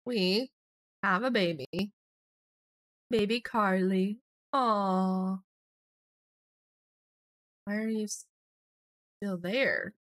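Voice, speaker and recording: A young woman hosting a casual let's play, chatting through her game and voicing quick lines for her characters. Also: mid-range voice, a bit bright, dry recording. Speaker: gaming channel host.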